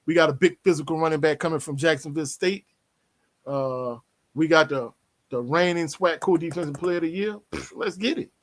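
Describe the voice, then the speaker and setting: A man talks casually on a sports livestream, his voice sitting a little high for a man. He answers viewers' comments with brash, animated trash talk and laughs often along the way. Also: brisk. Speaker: sports show host reading live chat.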